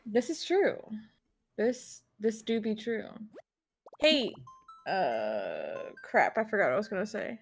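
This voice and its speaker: A woman's voice: mid-range voice, sing-song, takes it slowly, soft background music. A young woman chatting playfully on a live game stream, joking and giggling. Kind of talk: casual live-stream chat while gaming.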